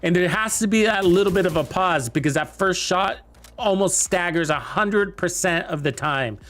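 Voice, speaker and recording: A man's voice: sits high, normal speed, a bit bright. A young man giving casual, rambling commentary while playing a video game, chatting to his viewers with lots of fillers. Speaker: game streamer.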